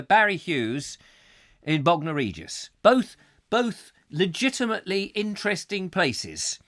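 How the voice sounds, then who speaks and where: Lively, jokey man hosting. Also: a little high. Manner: rambling, jokey, reads viewer comments aloud in funny voices. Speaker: host. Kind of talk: comic live call-in chat show.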